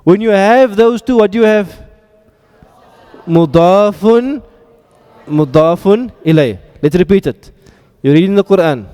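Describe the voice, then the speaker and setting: A man teaching an Arabic grammar class, quizzing his students with quick drills and joking asides. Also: high voice, lively intonation, mellow, clear, resonant tone, long reverb tail.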